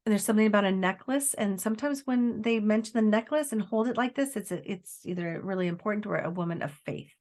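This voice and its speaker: A woman working as a psychic medium, giving a live spirit reading in a halting, searching way with many fillers, often quoting the spirit. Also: medium pitch, darkish tone. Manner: relays messages by quoting the spirit in first person.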